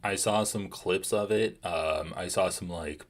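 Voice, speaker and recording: Brief: deep husky guy, relaxed co-host banter. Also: unhurried. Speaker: stream co-host. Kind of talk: casual chat.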